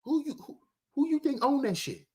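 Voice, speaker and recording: Loud ranting man with lively pitch. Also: normal speed. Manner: loud, confrontational, profane, often shouting; asks rhetorical questions and answers them himself. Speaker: livestream host. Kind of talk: ranting commentary to live chat.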